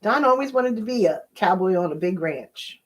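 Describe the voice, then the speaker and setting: A woman's voice: medium pitch, animated, normal speed. A woman co-hosting a casual live show. She reads viewer comments aloud and teases the host. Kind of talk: reading out live chat comments.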